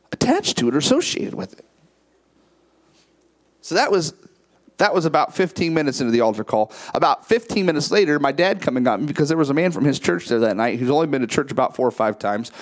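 A man, preaching and telling a story, acting out quoted dialogue in a lower voice and rising to high, emphatic peaks. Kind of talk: sermon storytelling.

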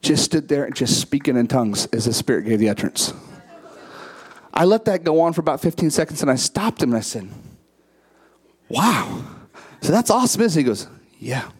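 A man, preaching and telling a story, acting out quoted dialogue in a lower voice and rising to high, emphatic peaks. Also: big pitch swings, normal speed, long pauses, slightly rough. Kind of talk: sermon storytelling.

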